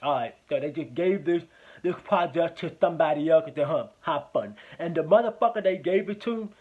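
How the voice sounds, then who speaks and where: A man with a fairly high voice talks through a movie review in a loose, rambling way, swearing often and circling back over the same points. The sound is thin and narrow, close to a phone line. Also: fairly quick. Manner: rambling, profane, repeats himself. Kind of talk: casual spoken movie review.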